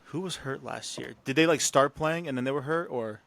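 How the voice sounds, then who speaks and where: A man's voice: mid-range voice, a little fast, gravelly, a bit bright. A man talking sports with friends on a podcast, loose and jokey. He laughs a lot and fumbles for names while he chats. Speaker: podcast co-host. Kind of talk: casual sports chat.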